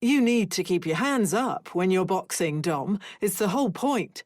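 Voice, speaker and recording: Woman doing a gruff, dismissive father. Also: medium pitch, animated, measured pace, darkish tone, dry recording, studio quality. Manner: brusque, dismissive.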